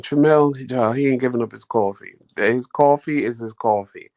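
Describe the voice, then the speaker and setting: A man's voice: medium pitch, moderate pace. A man hosting a vlog, chatting casually and telling stories in a loose, colloquial way, talking straight to his viewers. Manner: animated storyteller, acts out quoted talk. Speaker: vlog host. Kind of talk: casual chat.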